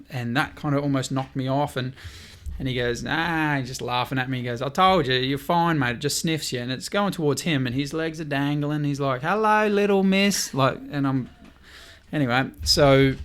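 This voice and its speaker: A man in a casual podcast chat, his voice sitting at a middling pitch for a man. He tells his story with energy, playing out each exchange in dialogue and dropping the odd swear word. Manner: lively, swears, quotes people in dialogue.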